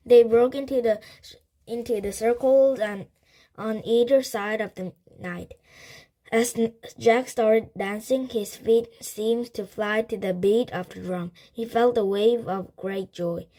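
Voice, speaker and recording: A woman reading a children's chapter book aloud, slowly and carefully, with slips she corrects. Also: fairly high pitch, dark tone.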